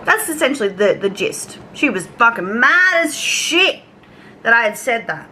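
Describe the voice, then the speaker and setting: Bright-voiced Australian woman ranting. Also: fairly high pitch, big pitch swings, moderate pace, slight background noise, poor audio. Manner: chatty, swears freely, acts out quoted exchanges. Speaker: YouTube commentary creator. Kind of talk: casual storytime rant to camera.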